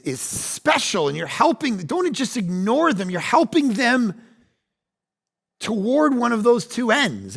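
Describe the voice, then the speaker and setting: A man in his forties preaching a sermon as pastor, animated, acting out quoted voices and swinging between loud and hushed delivery. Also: mid-range voice, creaky. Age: 40s.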